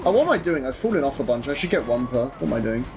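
A young man commentating his own live game stream, excitable, swearing and chatting to viewers over game music. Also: mid-range voice, racing.

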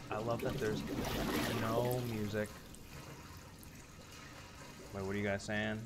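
A man's voice: on the low side, level tone, slow. A man in his thirties streaming a horror game, reacting aloud, swearing and talking to his chat. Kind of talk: live gameplay commentary.

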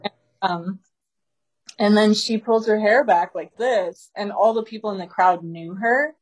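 A woman teaching a small group in a casual storytelling way, animated and laughing often as she talks. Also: medium pitch, a little slow, poor audio. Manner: animated, laughing often while telling stories.

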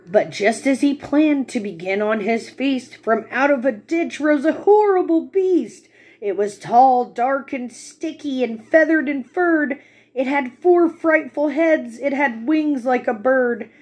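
Female storyteller, young adult, slow and expressive read-aloud voice, slightly breathy. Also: sits high. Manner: slow and expressive, pauses to ask the listener questions. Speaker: storyteller reading to children. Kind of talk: reading a picture book aloud.

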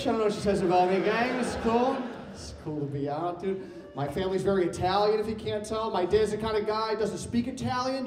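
A man's voice: sits high, darkish tone. Brash young man doing stand-up. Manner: brash, loose, playful crowd talk. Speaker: stand-up comedian. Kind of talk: stand-up comedy set. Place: comedy club stage. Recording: roomy live club sound, distant mic. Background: audience laughter.

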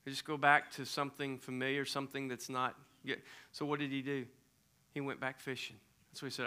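A man's voice: medium pitch, moderate pace, clear, resonant tone. A middle-aged man preaching a sermon as a pastor, retelling a story animatedly and dropping to near-whispers for effect. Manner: animated, swinging from loud emphasis to near-whispers.

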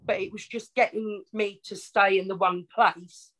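On a rough recording, a woman with an Essex accent speaks in a mid-range, fairly even, fairly bright voice at a measured pace. As a podcast guest in a casual storytelling interview, she tells her life story in a chatty, frank, self-mocking way.

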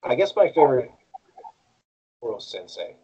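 A man's voice: mid-range voice, moderate pace, breathy edge, highs cut off. A man who voices cartoons, chatting casually as an interview guest and jumping between bits of character voices. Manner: animated, jumps into character voices. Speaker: voice actor guest.

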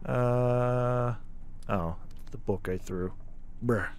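A man's voice: medium pitch, drawn-out words, darkish tone, clean tone. A man streaming a horror game, chatting casually and swearing freely as he reacts with startled exclamations. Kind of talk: casual live-stream commentary while playing a horror game.

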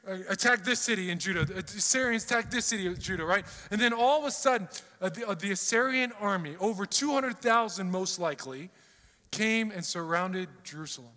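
A male pastor preaching a sermon, telling a story with animated delivery and acting out the quoted voices. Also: sits high, big-room sound. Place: church sanctuary.

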